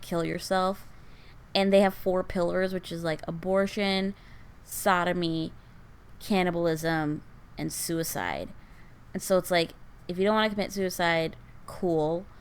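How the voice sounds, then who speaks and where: Low-voiced woman, wry podcast chat. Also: clear, resonant tone. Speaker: podcast co-host. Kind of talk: casual chat. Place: living room.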